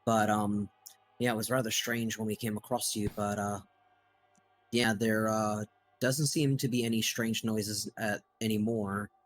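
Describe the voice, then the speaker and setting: A man playing a tabletop game, speaking in character in a formal, halting way with many pauses. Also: fairly low pitch, level tone, poor audio. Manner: formal and slow, many hesitations. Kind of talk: in-character roleplay speech.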